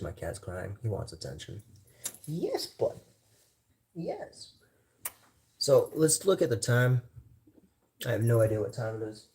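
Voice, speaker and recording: A man's voice: fairly low pitch, vocal fry, warm tone. A man hosting a casual cooking livestream from his home kitchen, rambling and thinking aloud as he goes. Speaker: livestream host.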